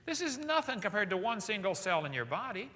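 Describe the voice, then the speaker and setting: A man's voice: high-pitched, big pitch swings, a little fast, sharp tone. A man giving a live seminar lecture to an audience, firing off rhetorical questions with joking asides. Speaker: seminar speaker. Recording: echoey hall with long reverb.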